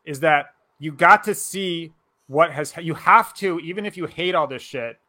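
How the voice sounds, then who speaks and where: Man, podcast co-host, brash and profane, slightly high voice, video call mic. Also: normal speed. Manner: loud, profane, ranting. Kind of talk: casual chat.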